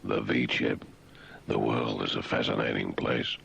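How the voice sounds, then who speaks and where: A man's voice: a bass voice, very animated, measured pace, vocal fry, a bit bright, slight background noise. A man hosting a radio show with satirical commentary, mocking the news and slipping into silly voices. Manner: mocking, puts on silly voices mid-sentence. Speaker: radio host.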